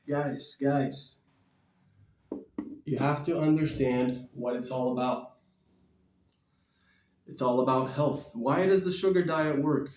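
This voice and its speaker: A man vlogging about diet and exercise in a blunt, energetic, preachy way, sometimes moving about as he talks. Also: medium pitch, slow pace, long pauses, reverberant, recorded from a distance, slight background noise. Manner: energetic, bouncing and shadow boxing while talking. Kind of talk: casual motivational vlog.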